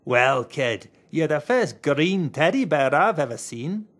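A reader voicing a grumpy old male hammerhead shark toy in a picture book, gruff and wry with a teasing edge. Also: medium pitch, very animated, slow pace. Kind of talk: storybook read-aloud.

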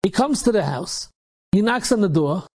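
A man's voice: high voice, lively intonation, normal speed, a little mellow. Rabbi telling a story, man. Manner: casual, repetitive retelling peppered with Yiddish and Hebrew words.

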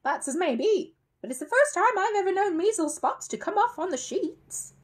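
A woman doing a brisk sharp housekeeper. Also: extremely high pitch, wildly swooping pitch, voice pushed up, exaggerated voice. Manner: crisp, suspicious.

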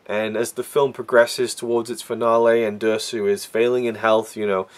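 A man's voice: lowish voice, little pitch movement, moderate pace. A man talking earnestly and with feeling as he reviews a film, with frequent restarts and fillers. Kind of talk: casual film review monologue.

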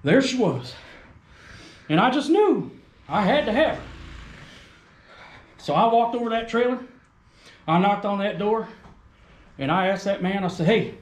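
A man's voice: high-pitched, big pitch swings, measured pace, pauses often, echoey room. A man hosting an RC truck video, telling a rambling, folksy, crude comedic story in a put-on rural persona. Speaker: RC hobby video host. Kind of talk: comedic rural character monologue.

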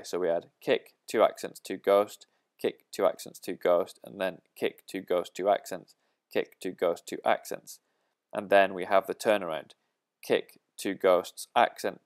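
Deep-voiced man explaining drum patterns. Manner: methodical, counting beats aloud. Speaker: drum teacher.

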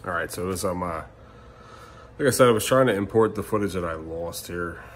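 A man's voice: low voice, brisk, slight background noise. A man in his thirties, a father vlogging at home at night, talking casually and emotionally with swearing and fillers. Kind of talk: casual vlog talk to camera. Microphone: camera mic.

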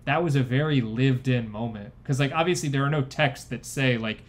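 A man's voice: medium pitch, fairly quick. Young man, casual podcast chat, eager and rambling, lots of filler words. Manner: enthusiastic, rambling with many likes. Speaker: podcast co-host.

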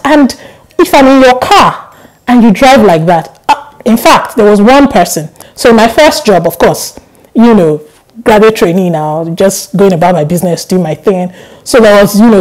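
A young woman vlogger chatting casually to camera, telling stories with animated laughs. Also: medium pitch, low-quality recording. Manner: animated storytelling, laughs often.

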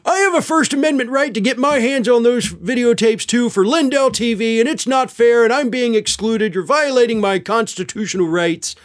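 A man's voice: very high voice, moderate pace, hardly any pauses, pitched above the performer's own voice. A man doing a mocking impression of an indignant middle-aged businessman who blusters and complains. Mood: outraged.

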